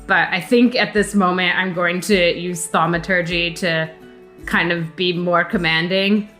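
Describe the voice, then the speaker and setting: A woman's voice: on the low side, steady tone, measured pace, fairly bright tone, faint music behind. A woman playing a tabletop game who plans her moves hesitantly, thinking aloud. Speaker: player. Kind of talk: casual tabletop play.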